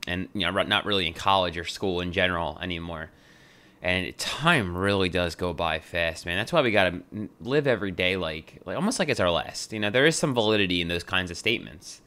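A man's voice: deep voice, animated, brisk, bright, forceful tone. A young adult man hosting a podcast, talking in a loose, jokey way and swearing freely. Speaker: podcast host. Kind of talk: casual podcast monologue.

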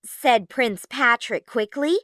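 A woman narrating a children's storybook clearly for learners. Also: on the high side, slow pace, fairly bright tone, no echo, studio quality.

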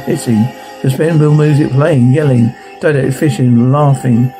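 Male reader, flat cue-by-cue delivery, mid-pitched voice, music bed behind. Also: moderate pace, hardly any pauses, poor audio. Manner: flat, listing sound cues one after another. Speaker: reader of a TV episode transcript. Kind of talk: reading script sound cues aloud. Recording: music playing under the voice.

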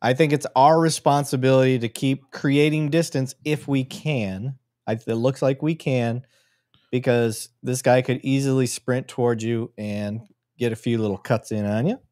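A man, a veteran police officer and podcast host, calmly explaining police tactics while watching footage live and laughing along with his co-host. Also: mid-range voice, normal speed, dry recording, clean studio sound. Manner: easygoing, agreeable, explains tactics, laughs often. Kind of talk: casual live commentary on body camera footage.

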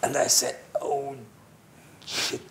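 An older man tells a racing story to friends on a panel as a casual anecdote, acting out voices and crash noises and laughing often. He takes it slowly in a slightly bright voice. The recording has a roomy echo and faint background hiss.

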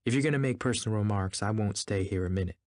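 A man voicing a lively, restless rich young woman who cries out in a high voice. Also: fast talker, no room sound, studio quality, lightly acted. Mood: commanding.

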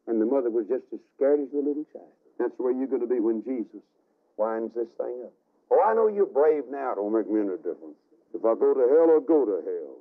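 A man preaching a fiery revival sermon, telling the story dramatically with sudden shouts and hushed asides. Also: medium pitch, expressive, normal speed. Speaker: evangelist. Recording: tinny archival radio broadcast.

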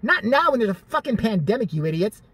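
Husky vlogger ranting and cussing, sarcastic, voice jumps all over. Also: mid-range voice, very animated, fast, a bit bright, dry recording. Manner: profane, sarcastic, exasperated. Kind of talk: ranting commentary.

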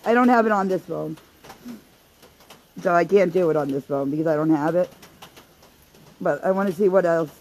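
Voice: mid-range voice, moderate pace, pauses often, rough recording. A vlogger chatting casually while trying out face filters, often giggling and struggling to keep a straight face.

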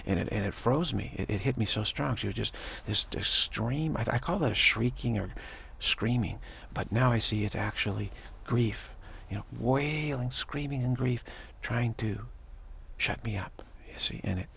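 A man giving a rambling spiritual monologue, halting and repetitive, sometimes dropping to a whisper. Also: mid-range voice, vocal fry, a bit bright, breathy edge. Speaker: spiritual vlogger.

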